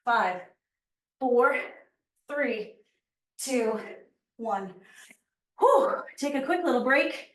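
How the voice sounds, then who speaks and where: A woman fitness instructor leads a workout class, cueing moves and counting down reps while out of breath. Her fairly high voice is expressive, with drawn-out words and long pauses. She's picked up by a distant mic in an echoey room.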